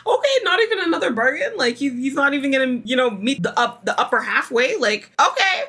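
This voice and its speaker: A woman's voice: fairly quick, few pauses. A woman casually recapping a reality show for her channel, with playful outbursts and acted-out quotes of the people in it. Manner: animated, big pitch jumps, playful outbursts; acts out quoted people in put-on voices. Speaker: reaction YouTuber.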